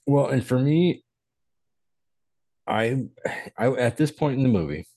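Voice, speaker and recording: A man's voice: mid-range voice, expressive, slow, warm tone, dry recording. A man co-hosting a casual movie podcast, thinking aloud and recounting his guesses about the plot, with some profanity. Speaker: podcast co-host.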